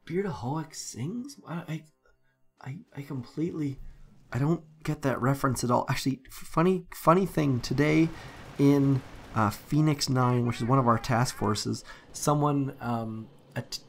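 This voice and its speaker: A man's voice: medium pitch, a little slow, gravelly, a little hiss or hum, low-quality recording. A young man chatting casually on a game live stream, rambling with many fillers and restarts. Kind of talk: casual live-stream commentary while playing.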